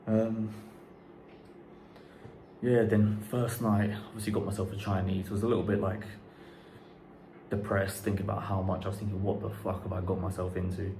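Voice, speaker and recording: Casual young guy, slightly low voice, loose rambling talk, recorded in a roomy empty house with a little noise. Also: darkish tone. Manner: rambling, chatty, swears casually. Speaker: vlogger. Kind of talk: casual chat to camera. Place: unfinished house under renovation, indoors. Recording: echoey empty room, faint background noise.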